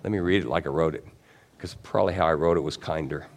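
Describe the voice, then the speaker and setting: Man preaching in loose conversational style. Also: fast. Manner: conversational preaching, acts out quotes with rising pitch and shouts; rambling asides and self-corrections. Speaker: pastor. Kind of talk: sermon.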